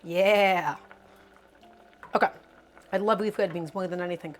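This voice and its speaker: A woman's voice: on the low side, unhurried, soft background music. A woman cooking live in her home kitchen, casually chatting to her viewers in an upbeat, talkative way. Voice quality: chatty, upbeat, talks to the chat directly. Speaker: cooking streamer.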